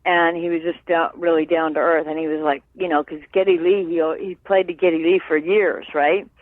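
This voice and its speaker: A woman guest being interviewed, speaking earnestly and haltingly with many fillers and tag questions like "right?". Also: sits low, level tone, dry recording. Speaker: guest, sister of a late musician. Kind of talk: candid interview over the phone. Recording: dry tinny phone line.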